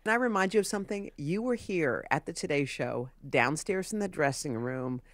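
Woman interviewer, very low voice, heartfelt, effusive, dry sound. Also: lively intonation, moderate pace, no room sound. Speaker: TV host interviewer.

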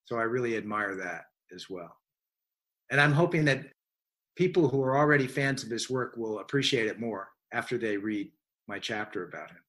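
Bright-voiced man musing in conversation. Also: medium pitch, animated, normal speed. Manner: thoughtful, rambling with restarts and fillers. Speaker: science writer, interview guest. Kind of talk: conversational interview answers.

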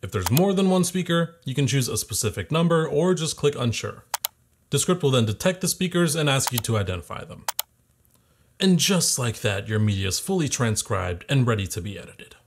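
A young man hosting a scripted software tutorial in a playful, jokey way. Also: medium pitch, sing-song, a little fast, slight background noise. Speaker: tutorial host.

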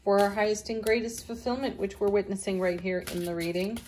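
A middle-aged woman giving a daily tarot reading in a gentle, spiritual way, laughing often. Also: mid-range voice, fairly even intonation, brisk, slight background noise. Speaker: tarot reader.

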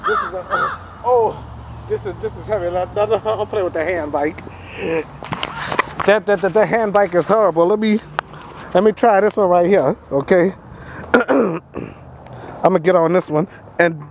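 A woman's voice: medium pitch, normal speed, long pauses. Woman, casual outdoor vlogger, stutters through repeated words, self-mocking groans, mid-range voice, faint background noise. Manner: stammering, repeats words in bursts; self-mocking, groaning and calling for help while straining. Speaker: vlogger filming herself. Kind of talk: casual vlog chat. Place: outdoors at an exercise area with equipment. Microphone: handheld camera.

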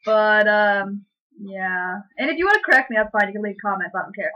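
A woman's voice: medium pitch, sing-song, racing, muffled recording. A woman vlogger chatting casually and giggling often as she reads an online chat aloud. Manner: giggly, lots of fillers and laughs.

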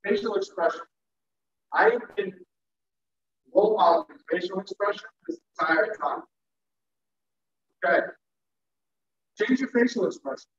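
A male teacher giving a classroom lecture to students, animated and playful, acting out examples as he goes. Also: sits high, unhurried, pauses often. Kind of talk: classroom lecture on public speaking. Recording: echoey classroom from far off, dull.

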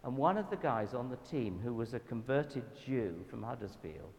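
A man with a Southern English accent giving a church talk, telling anecdotes in a lively, self-deprecating way. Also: mid-range voice, moderate pace, gravelly. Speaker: guest speaker at a church event. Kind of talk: storytelling sermon talk. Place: church hall. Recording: reverberant hall with faint background noise.

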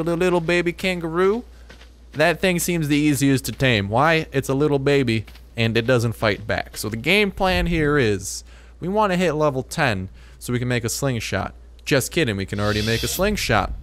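A gaming video host talks excitedly over his own play in a voice of middling pitch for a man. He is chatty and loose, often starting a phrase twice before finishing it. The sound is a plain desktop microphone at home. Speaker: gaming YouTuber. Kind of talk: excited let's-play commentary.

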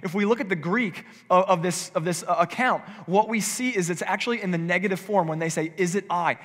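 Guy pastor preaching casually, kinda high voice, big echo like a church hall. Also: brisk. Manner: conversational preaching, acts out quoted voices. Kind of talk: sermon. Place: church sanctuary.

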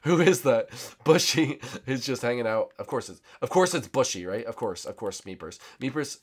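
A young man hosting a gaming channel, giving excitable, teasing commentary with sudden shouts. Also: medium pitch, normal speed, long pauses, soft background music. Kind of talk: casual game commentary.

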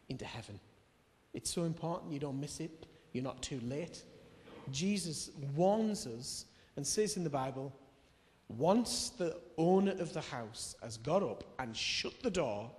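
An English man delivers a sermon from the pulpit, acting out quotes as he tells stories. His voice sits a little high and swings from loud bursts to hushed lines. The long reverb of a church hall trails after every word. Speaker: preacher.

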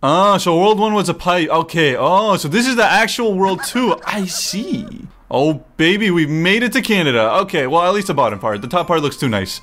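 A man with a rather high voice that swings widely in pitch, narrating his game with excitable jokes and frequent swearing. He talks back to the screen as he plays, with game music running clearly behind him. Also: normal speed, hardly any pauses. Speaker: gaming streamer. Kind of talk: let's play commentary.

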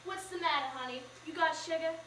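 A woman's voice: extremely high pitch, fairly quick, a little hiss or hum. A young woman voicing a proud, pushy mother who bakes pies, talking emphatically, recorded from far off in an echoey room. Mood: insistent. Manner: insistent and emphatic, rising loud.

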